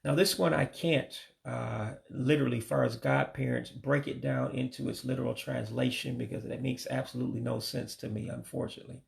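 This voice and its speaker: A man teaching vocabulary from his studies, saying each word slowly and carefully and often correcting himself. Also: medium pitch, fairly even intonation, vocal fry. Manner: slow, careful word-by-word pronunciation with frequent self-corrections. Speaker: language learner teaching vocabulary. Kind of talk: informal vocabulary lesson.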